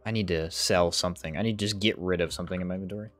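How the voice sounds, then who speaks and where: Racing along in a steady, somewhat bright tone, a man livestreams a game and chats casually with viewers. He reads out chat, reacts to what happens in play, and jumps up in pitch when surprised.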